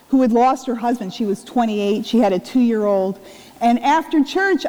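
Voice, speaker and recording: A woman's voice: fairly high pitch, dark tone. A middle-aged woman pastor giving a sermon in a conversational, earnest way, full of rhetorical questions. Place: church sanctuary. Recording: long reverb of a church sanctuary.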